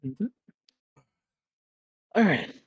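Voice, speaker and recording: A man who is a guest on a podcast, chatting in an easygoing way. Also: extremely slow. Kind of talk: casual podcast chat.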